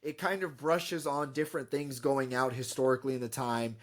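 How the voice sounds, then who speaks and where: A man's voice: mid-range voice, steady tone, normal speed. A man co-hosting a podcast, reviewing a film in casual, rambling chat full of fillers.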